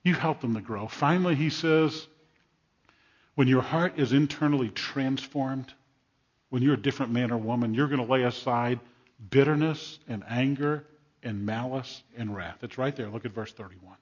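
Husky older man preaching a sermon. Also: mid-range voice, normal speed. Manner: emphatic preaching with storytelling asides. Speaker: pastor. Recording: dull lo-fi sermon recording.

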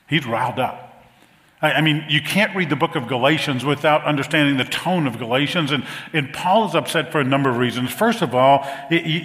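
A middle-aged man preaching a sermon as pastor, animated and repeating phrases for emphasis. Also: a little high. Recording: long reverb of a large hall.

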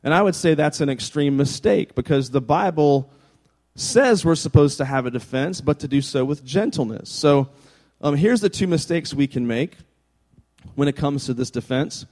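A man's voice: a little high, expressive, moderate pace, a little mellow. A man preaching a sermon as pastor, in a conversational style with joking asides. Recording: long hall reverb.

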